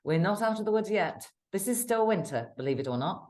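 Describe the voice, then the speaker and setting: A woman's voice: mid-range voice, animated, a little fast, a little mellow. A British woman co-hosting a casual weather chat, talking in a chatty, rambling way and laughing often. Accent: British English. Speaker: weather show co-host.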